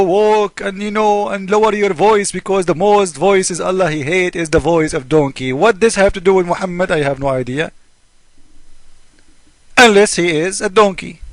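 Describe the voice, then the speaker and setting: Man, high voice, mocking, argumentative, rhetorical questions, dry sound. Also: no echo. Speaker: religious critic. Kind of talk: polemical monologue.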